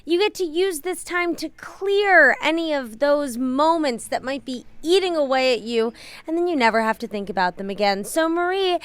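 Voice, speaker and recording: A woman's voice: high voice, expressive, normal speed. A woman hosting a podcast, chatting casually and introducing a segment with playful mock formality. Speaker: podcast host.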